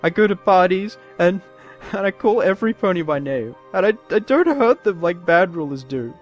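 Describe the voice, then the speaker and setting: A man's voice: medium pitch, very animated, unhurried, dull audio, soft background music, voice pushed up. A man voicing a tall female pony princess who is drunk and wailing through her tears. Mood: drunken sobbing. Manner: wailing, weepy and self-pitying.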